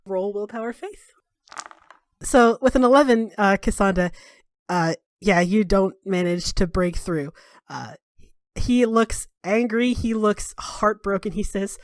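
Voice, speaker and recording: A woman game master narrates a tabletop game in a casual, conversational way, dropping fillers as she goes. Her voice sits at a middle pitch. The recording is dry and close. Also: unhurried, no room sound.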